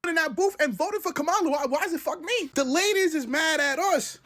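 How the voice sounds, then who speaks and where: A man's voice: fairly quick, sharp tone. A man with a New York accent ranting in heavy slang, exasperated and swinging his voice up and down. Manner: exasperated, heavy slang, swings between high and low pitch. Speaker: man ranting in a viral clip. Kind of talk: animated street-talk rant.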